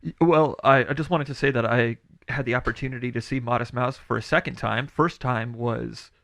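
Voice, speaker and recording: A man co-hosts a relaxed music podcast in a mid-range voice with a lot of gravel in it. He is agreeable and easygoing, and often answers in short replies. The recording is close and dry. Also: mid-range voice, a little fast, no room sound. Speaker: podcast co-host. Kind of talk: casual chat about music.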